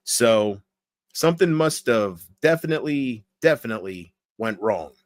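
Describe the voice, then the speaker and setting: A man streaming late at night. He keeps his voice low and rambles casually while talking straight to his viewers. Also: moderate pace. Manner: relaxed, rambling, talks straight to viewers in chat. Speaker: livestreamer.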